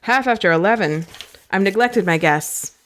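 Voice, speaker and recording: A woman reading a novel aloud, voicing a polite young male prince in a lowered, measured voice. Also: expressive, fairly bright tone, close to an everyday voice. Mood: courteous.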